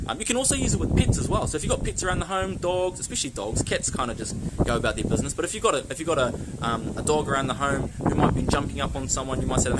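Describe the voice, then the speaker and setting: Fast-talking New Zealand man teaching. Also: medium pitch, animated, background noise. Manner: chatty, repeats phrases slowly for learners. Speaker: language teacher and host. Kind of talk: casual video lesson.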